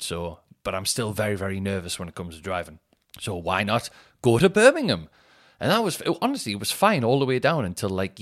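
A man, a comedian and podcast host telling stories in a rambling, sweary, animated way. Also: lowish voice. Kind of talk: casual storytelling chat.

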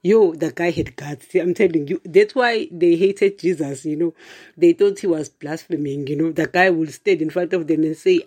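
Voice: medium pitch, normal speed, darkish tone. An online preacher talking casually to viewers, often laughing and calling the listeners "guys". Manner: chatty, addresses listeners as "guys", frequent "you know"; laughs often, with emphatic asides.

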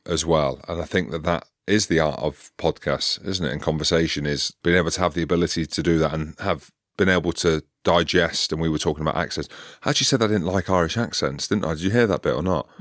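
Host, man, forties, very low voice, dry close sound, teasing banter. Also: fast, few pauses, fairly bright tone, no room sound. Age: 40s. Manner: banter, teasing, calls people mate. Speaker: podcast host. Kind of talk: casual podcast chat.

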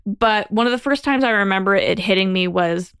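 Gravelly-voiced woman telling her story. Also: medium pitch, brisk, no room sound. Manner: candid storytelling, animated when quoting herself. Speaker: podcast guest. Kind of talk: casual podcast chat.

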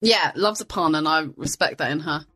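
A woman's voice: low-pitched, normal speed, a bit bright, faint music behind. A woman co-hosting a casual cookbook podcast from a room at home, dropping dry, wry quips. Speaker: podcast co-host. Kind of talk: casual chat about a cookbook. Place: room at home, helicopter outside.

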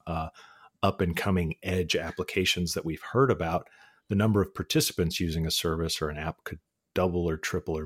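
A male podcast host with a low-pitched voice speaks from a remote mic. He talks casually, relaxed and chatty. He leans on ums as he sets up the topic and questions for his guests. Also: husky. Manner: relaxed, chatty, laughs easily, frequent ums. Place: North Texas.

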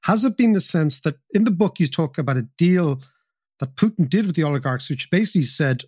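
A man's voice: on the high side, animated, fairly quick, a little mellow, husky, dry recording, studio quality. A man hosting a podcast interview, asking probing questions and rephrasing as he goes. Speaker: podcast host.

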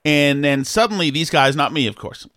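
A man's voice: on the high side, expressive, normal speed, bright, forceful tone, no room sound, clean studio sound. A middle-aged man hosting a podcast, telling a rambling, jokey story with many restarts in casual chat. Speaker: podcast host.

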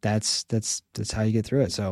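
A man chatting as a podcast guest, telling stories in a lively way and acting out the people he quotes. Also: fairly low pitch, brisk, no echo, studio quality. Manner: animated storyteller who acts out quoted people. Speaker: podcast guest, stay-at-home father. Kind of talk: casual podcast conversation.

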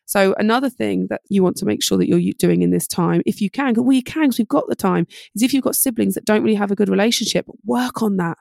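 A middle-aged woman coaching parents at a brisk clip, her voice carrying a gravelly fry. She acts out quick bits of parent-child talk as she explains, and the sound is close and dry. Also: medium pitch, no room sound. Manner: fast, animated advice with acted-out parent-child dialogue. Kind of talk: podcast interview.

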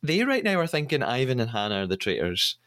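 A man's voice: mid-range voice, wildly swooping pitch, quick pace, a bit bright. A man hosting a podcast, casually retelling scenes with the odd stammered restart. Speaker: podcast host. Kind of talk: casual recap chat.

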